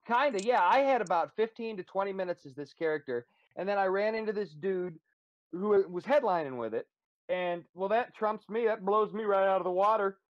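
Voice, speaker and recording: A man who does stand-up comedy talks through his act in a relaxed, rambling way, his voice sitting a little high for a man. The sound is dry and a bit dull, with no room around it. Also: a little fast, dry recording. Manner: animated storyteller, rambling with fillers. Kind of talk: casual interview chat.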